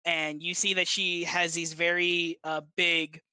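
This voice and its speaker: Gm narrating a tabletop game, rambly, lots of ums, bright close sound. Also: medium pitch, level tone, a little slow, smooth, no echo. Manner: rambling, many fillers and restarts. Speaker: game master.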